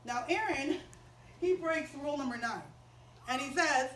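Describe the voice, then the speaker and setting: Animated woman teaching children, high voice. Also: unhurried, recorded from a distance, slight background noise. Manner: animated, asks the children questions. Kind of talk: Bible story for children. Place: chapel. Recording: roomy chapel, voice off-mic.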